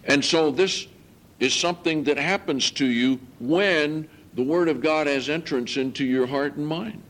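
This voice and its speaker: A man preaching a sermon to his congregation, earnest and emphatic, reading scripture slowly and lifting his voice on key points. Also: fairly high pitch, a bit bright. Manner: slow, deliberate scripture reading.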